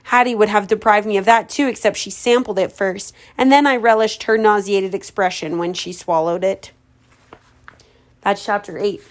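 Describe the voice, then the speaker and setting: A woman's voice: mid-range voice, normal speed. A woman reading a novel aloud at home as a homemade audiobook, breaking into giggly, chatty asides. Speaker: reader.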